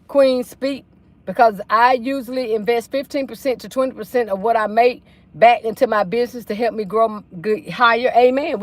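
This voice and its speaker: A woman's voice: a little high, no echo. A chatty woman hosts a livestream from her car. She reads viewer comments aloud in a folksy, easygoing way. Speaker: livestream host. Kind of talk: casual livestream chat reading comments. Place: inside a car.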